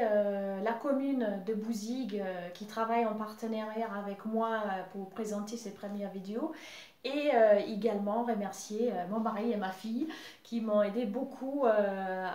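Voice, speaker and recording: A woman teaching English to young children, leading songs and simple questions in a slow, cheerful teacher voice. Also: a little high, darkish tone, roomy sound. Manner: slow, cheerful teacher talk, switching to song and whispers.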